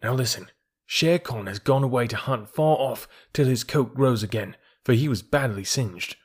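A man's voice: mid-range voice, moderate pace, husky, lightly acted. A man voicing a loyal, anxious young male wolf who speaks earnestly in old-fashioned words. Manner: earnest, archaic speech.

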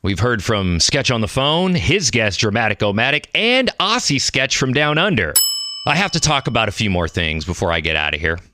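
A man's voice: medium pitch, sing-song, moderate pace, noisy background. A man hosting a comedy podcast, talking wryly and mocking himself. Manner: self-mocking, wry. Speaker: podcast host.

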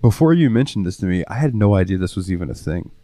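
Deep-voiced man swearing through a story. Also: expressive, fast, mellow, no room sound, clean studio sound. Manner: storytelling, swears freely, laughs often. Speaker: podcast co-host. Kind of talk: casual chat.

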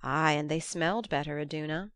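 A woman's voice: low voice, a little fast, a bit bright, no echo, studio quality. A woman reading aloud, voicing a sly, persuasive male trickster god. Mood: coaxing.

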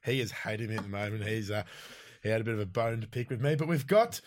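A man's voice: on the low side, fast talker. Joking, giggly man hosting. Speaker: podcast host. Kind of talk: casual chat.

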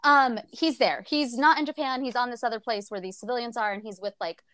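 A woman's voice: fairly high pitch, brisk, a bit bright, no echo. A woman co-hosting a podcast in a casual book chat, laughing often and swearing freely. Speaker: podcast co-host.

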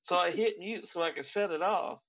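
A man's voice: sits high, fairly quick, lo-fi sound. A man on a casual online group chat, joking in a laid-back way, on a video call. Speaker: artist and guest.

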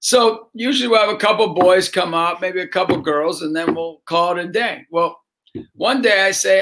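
Middle-aged man, motivational speaker; bright, gravelly, high voice; lively storytelling. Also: a little fast. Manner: acts out voices in his stories, shouting and laughing. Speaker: motivational speaker and basketball coach. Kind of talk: animated storytelling.

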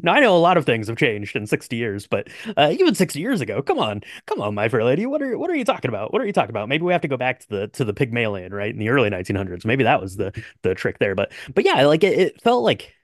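A man's voice: medium pitch, wildly swooping pitch, fast talker, no room sound, studio quality. A young adult man co-hosting a podcast, talking casually about a movie with lots of fillers and restarts. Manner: rambling, many fillers and restarts. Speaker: podcast co-host.

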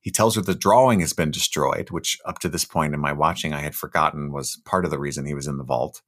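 A man's voice: rumbling low, quick pace, a bit bright. A young man co-hosting a podcast, casually recapping a film scene by scene and tossing in joking voices for the characters. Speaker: podcast co-host.

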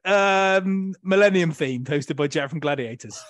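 A man's voice: a little high, measured pace, dry recording, clean studio sound. A man hosting a casual podcast banter session over a video call, rambling and laughing often. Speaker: podcast host.

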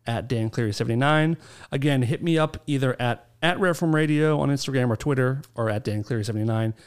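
A man hosts a relaxed podcast and keeps up a steady stream of dry, sarcastic jokes. His pitch sits in an ordinary middle range, and his talk is loose, chatty banter. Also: fast talker, smooth. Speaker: podcast host. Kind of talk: casual podcast chat.

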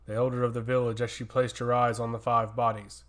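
A man's voice: mid-range voice, little pitch movement, a little fast. A man reading a fantasy story aloud as the narrator, in a dramatic storytelling manner.

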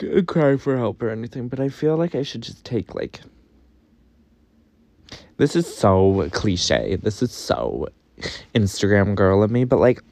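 Low-ish young guy on his podcast, campy and blunt, swears a lot, kind of spilling everything. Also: darkish tone, dry recording. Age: young adult. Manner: candid, profane, campy. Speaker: podcast host. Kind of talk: confessional podcast monologue.

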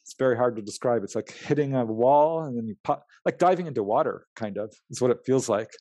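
Man, storytelling, animated, acts out dialogue, even mid pitch, dry sound. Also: fast, no echo. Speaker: guest, UFO researcher and writer. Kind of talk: storytelling in an interview.

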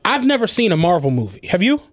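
A man co-hosting a podcast, telling animated stories in casual, profane chat and acting out what people said. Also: high voice, fast, no echo, clean studio sound. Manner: animated storytelling, profane, acts out quotes. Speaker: podcast co-host.

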